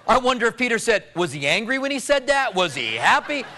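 A male pastor preaching a sermon, storytelling with loud emphasis that drops to low hushed tones. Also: sing-song, brisk, a little hiss or hum.

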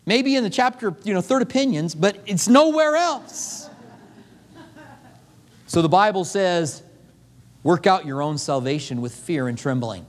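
A male pastor preaching with a high voice that swoops over a wide pitch range. He acts out short back-and-forth dialogues within the sermon. His voice rings with the long reverb of a large hall. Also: measured pace, long pauses. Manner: animated preaching with acted-out dialogue.

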